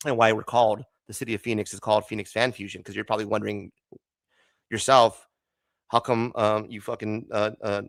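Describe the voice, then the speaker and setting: A man's voice: medium pitch, a bit bright, no room sound. A man from Arizona in his thirties hosting a comics livestream, rambling casually, swearing constantly and laughing often. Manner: loose, rambling, chummy. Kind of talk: casual profane livestream chat.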